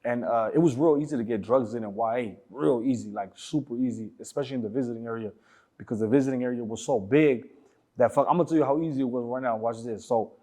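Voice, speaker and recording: A man telling stories in a relaxed interview at a mid pitch. His talk is slangy and profane. He rambles along with plenty of fillers. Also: quick pace. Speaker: interview guest. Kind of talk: casual storytelling.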